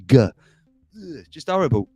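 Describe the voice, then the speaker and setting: A man's voice: medium pitch, sing-song, normal speed, darkish tone, no echo, faint music behind. A man hosting a casual livestream, rambling and chuckling as he reads out viewer comments. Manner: chuckling, rambling, self-mocking. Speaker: livestream host.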